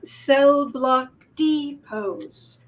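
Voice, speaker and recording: A woman with a fairly high voice talks through a casual tarot livestream. She is chatty and laughs easily, breaking off mid-sentence and circling back as she goes. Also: drawn-out words. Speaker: tarot reader co-host.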